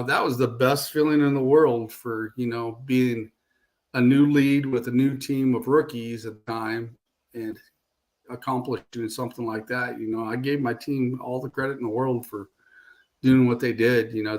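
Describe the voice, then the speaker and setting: A man in a casual interview over a video call tells a long anecdote at an easy, mid-range pitch. He rambles and keeps falling back on "I said" and "she goes" as he walks through each exchange. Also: steady tone, moderate pace, darkish tone. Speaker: paranormal investigator guest.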